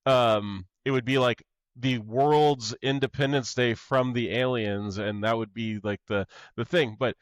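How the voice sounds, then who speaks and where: A man co-hosting a podcast, chatting casually and excitably about a film, sharing trivia and swearing now and then. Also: mid-range voice, measured pace, no room sound. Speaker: podcast co-host. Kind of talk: casual movie chat.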